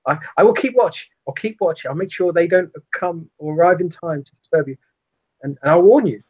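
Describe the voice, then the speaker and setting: A man's voice: fairly high pitch, lively intonation, fairly quick, darkish tone, slightly rough, no echo, dull audio, voice pushed up. A man voicing a nervous, fawning male rat-like servant in a tabletop game. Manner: obsequious, eager.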